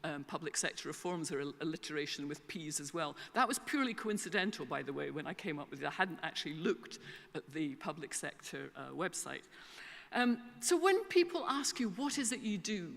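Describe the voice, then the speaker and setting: A woman's voice: low voice, lively intonation, fairly quick, vocal fry, a bit bright. A Scottish woman in her sixties giving a conference keynote speech, chatty and full of humorous asides. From Scotland. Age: 60s. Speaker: keynote speaker. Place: concert hall conference centre. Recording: long reverb of a concert hall conference centre.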